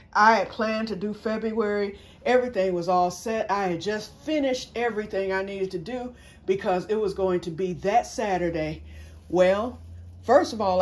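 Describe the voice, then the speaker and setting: A woman's voice: lowish voice, darkish tone. A middle-aged woman chatting casually in a personal vlog, rambling and correcting herself as she goes, with folksy turns of phrase. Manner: rambling, self-correcting storyteller; folksy, says y'all. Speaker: vlogger.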